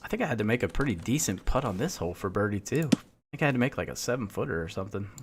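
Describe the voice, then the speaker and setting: A man's voice: fairly low pitch, big pitch swings, racing, a little hiss or hum. A man streaming a game, chatting casually and telling rambling stories full of profanity. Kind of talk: casual chat while playing.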